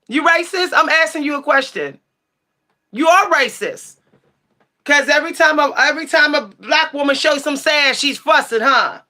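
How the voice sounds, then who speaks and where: Sassy, heated woman livestreamer, bright high voice. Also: normal speed. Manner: sassy, blunt, profane, shouts at times. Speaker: livestream tarot channel host. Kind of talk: heated livestream rant answering chat.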